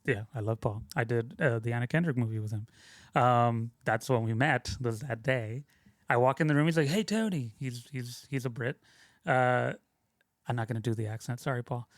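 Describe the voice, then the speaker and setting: A podcast guest who works as a sound mixer tells stories casually in a steady, medium-pitched voice at a moderate pace. Recorded dry on a close mic, he rambles, interrupts himself, and uses "like" a lot.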